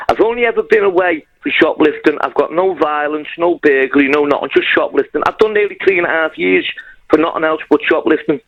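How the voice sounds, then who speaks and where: A man's voice: a little high, gravelly, a bit bright. A man calling in to a radio show, telling his story in a blunt, heartfelt way over a phone line. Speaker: caller. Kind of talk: phone-in call.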